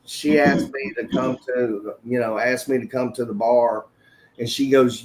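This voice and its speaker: A man's voice: mid-range voice, steady tone, moderate pace, darkish tone. A man telling rambling stories in a casual chat, laughing as he goes. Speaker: regular on a morning chat show.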